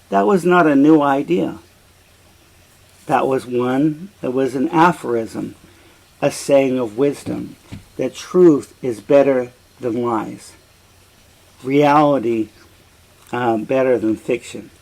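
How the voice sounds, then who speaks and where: A middle-aged man teaching and explaining a play, deliberate and explanatory. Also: mid-range voice, gravelly, a little mellow, poor audio. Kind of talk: slow reflective commentary.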